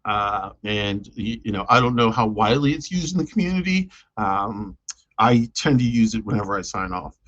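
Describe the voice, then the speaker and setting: A man's voice: fairly low pitch, lively intonation, moderate pace, fairly bright tone, muffled recording. A man chatting casually on a live stream about his own poems, hesitant and self-deprecating, with lots of fillers.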